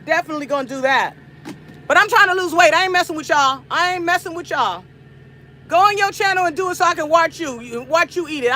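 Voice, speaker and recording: Chatty high-voiced woman trucker livestreaming. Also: bright, forceful tone, slight background noise. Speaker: long-haul truck driver and livestream host. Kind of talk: casual livestream chat to viewers.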